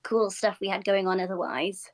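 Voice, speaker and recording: A woman's voice: mid-range voice, fairly even intonation, moderate pace. A woman chatting casually on a live stream, easygoing and talkative.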